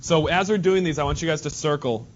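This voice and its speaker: A man's voice: a little high, fast. A male math teacher leading a classroom lesson, casual and joking, calling on students by name. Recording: dull lo-fi classroom recording with faint noise.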